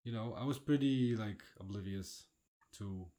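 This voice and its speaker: A man in his thirties with a Polish accent, co-hosting a casual podcast chat in a laid-back way, often trailing off quietly. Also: lowish voice, normal speed. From Poland. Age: 30s. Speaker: podcast co-host.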